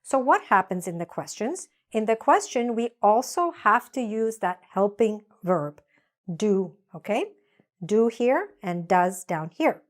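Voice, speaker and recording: Woman teacher going slow n careful, repeat-after-me grammar drills. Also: medium pitch, very animated. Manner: slow, deliberate, drills with repetition. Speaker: English teacher. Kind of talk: grammar lesson.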